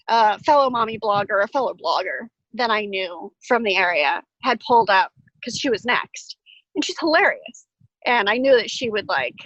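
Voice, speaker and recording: A woman's voice: a little high, fairly bright tone, no echo, lo-fi sound. A woman telling a personal story in a casual, self-deprecating way, with lots of "like" fillers, over a video call from her greenhouse. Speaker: storyteller guest.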